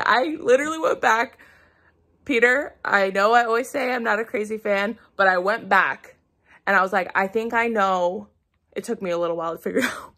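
A woman with a slightly high voice talks straight to camera in a chatty, excited way. She sounds like a devoted fan sharing a find with her viewers. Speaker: fan vlogger. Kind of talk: casual chat to camera.

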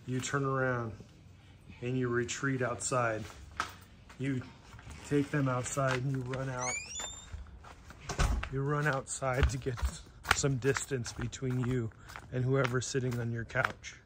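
A man hosting his channel, narrating a story in the second person in a steady, plain-spoken way. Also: medium pitch, slow pace, long pauses, heavy background noise. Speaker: host.

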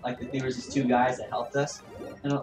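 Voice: medium pitch, fairly even intonation, moderate pace. A gaming streamer telling a store story in casual, rambling talk full of fillers. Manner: rambling, many fillers and "man". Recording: roomy echo with game music behind.

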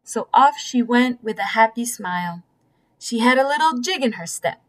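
A woman reading a bedtime story aloud in a gentle, storytelling manner. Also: on the high side, animated, moderate pace. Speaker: storybook reader.

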